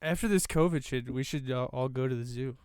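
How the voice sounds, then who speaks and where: Smooth-voiced young man, dry sound. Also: medium pitch, fairly quick, darkish tone, no echo. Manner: easygoing and profane storyteller. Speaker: podcast co-host. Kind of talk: casual chat.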